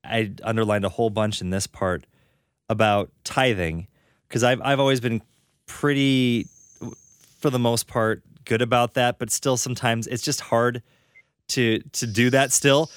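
A man hosting an interview, asking reflective questions in a friendly, halting way with frequent restarts. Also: medium pitch, steady tone, fairly bright tone, no room sound. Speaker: interview host. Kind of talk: conversational interview.

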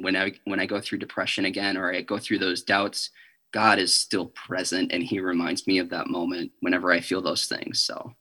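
A young man, a guest in an interview, telling a personal faith story in an earnest, halting way with nervous little laughs. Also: deep voice, pushed and bright.

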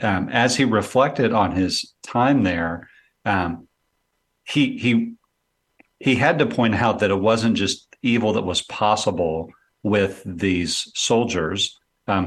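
A man in his forties, a guest on a radio talk show, explaining in a relaxed way with many fillers. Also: fairly low pitch. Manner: relaxed, explanatory, frequent "um" and "you know". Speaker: guest apologist. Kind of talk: casual radio conversation.

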